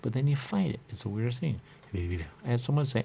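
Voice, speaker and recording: A man's voice: mid-range voice, lively intonation, a little fast, vocal fry, warm tone, a little hiss or hum. A man talking on in a rambling, repetitive monologue as a radio show host, looping back to the same catchphrases.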